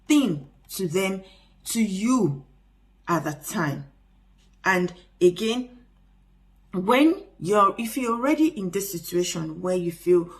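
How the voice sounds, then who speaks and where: A middle-aged woman hosting a parenting channel, talking earnestly to camera with frequent restarts and pauses. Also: medium pitch. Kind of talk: casual advice talk to camera.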